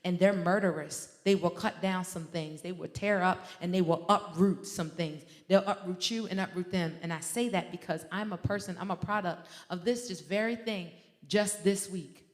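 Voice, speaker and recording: A woman's voice: fairly low pitch, normal speed. A woman minister preaching a sermon in a fervent, conversational way, breaking into personal stories and addressing the congregation directly. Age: adult with a teenage son. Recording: long hall reverb.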